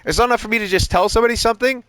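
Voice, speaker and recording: Speaking with an extremely high pitch at a very fast clip, this man's slightly bright voice comes through with no echo. He coaches a sim racing driver on a live stream with brief driving instructions and casual chat. His manner is relaxed and heavy on swearing, and "you know what I mean" comes up again and again.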